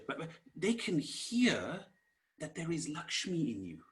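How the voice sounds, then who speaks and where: Slow, lilting male teacher. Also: on the high side, wildly swooping pitch. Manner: slow, gentle, repetitive teaching with soft whispered asides; addresses listeners as "my dears". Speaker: Sanskrit teacher. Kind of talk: online class lecture.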